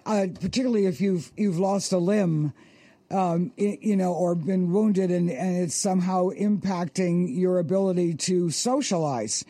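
A middle-aged woman hosting a radio interview, speaking in a thoughtful, hesitant, gentle way. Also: lowish voice, moderate pace, no echo. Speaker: radio host.

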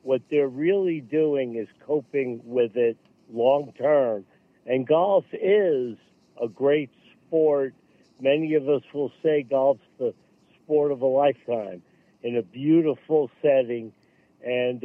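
A man's voice: mid-range voice, no echo. Earnest man on a tinny phone line. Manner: earnest, halting, restarts phrases. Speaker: radio guest, veterans golf program leader. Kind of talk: phone-in radio interview.

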